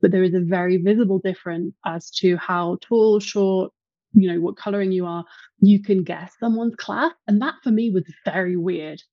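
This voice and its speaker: A woman's voice: medium pitch, steady tone, moderate pace, no echo, muffled recording. A woman with a Midlands English accent, a guest in a casual interview, talking in a chatty, reflective way and laughing easily. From England.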